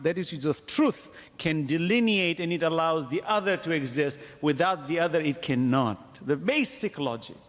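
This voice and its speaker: A man giving a religious lecture to a congregation, asking rhetorical questions and pausing for emphasis. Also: on the high side, big-room sound. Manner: animated, wide-ranging delivery. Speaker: Islamic lecturer.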